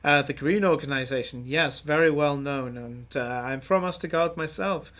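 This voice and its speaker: A man's voice: a little high, moderate pace, fairly bright tone, natural voice. A man voicing a pompous, self-important half-elf guard officer who rambles with many hesitations. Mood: boastful. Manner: long-winded, full of hesitations.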